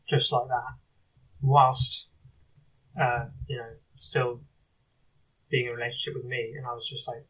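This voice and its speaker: Husky-voiced man, confessional diary vlog, halting and rambling, sitting back from the mic. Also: medium pitch, a bit bright, distant mic, rough recording. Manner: halting, rambling, many restarts. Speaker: video diarist.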